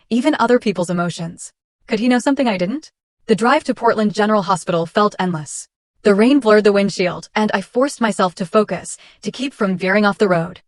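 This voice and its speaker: A woman reading a first-person story as scripted narration, in a steady, measured way. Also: mid-range voice, no echo, clean studio sound.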